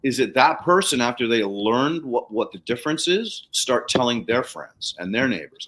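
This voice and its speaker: Animated, expressive man telling stories. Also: medium pitch, normal speed, hardly any pauses, low-quality recording. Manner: animated storyteller, acts out quotes, swears freely. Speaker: podcast host, soil treatment practitioner. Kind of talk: casual livestream chat, storytelling.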